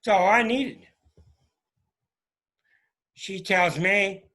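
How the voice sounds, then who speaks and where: A man's voice: high-pitched, sing-song, unhurried, a bit bright, breathy edge. A man who hosts an astrology show, telling a story to a group in an emphatic way and acting out sounds. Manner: emphatic, repeats sounds for effect. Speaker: astrologer and host.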